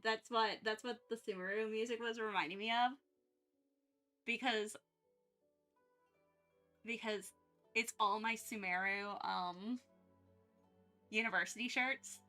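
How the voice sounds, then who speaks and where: A woman's voice: fairly high pitch, sharp tone. A woman streamer chatting casually during her art livestream, rambling with many restarts and frequent giggles.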